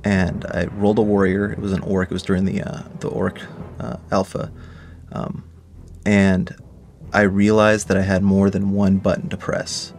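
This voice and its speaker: A man with a gravelly, fry-laden voice recalls an early memory in an interview, casual and excited. His pitch is on the low side, with a faint hiss behind him. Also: moderate pace. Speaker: game developer. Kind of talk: interview answer.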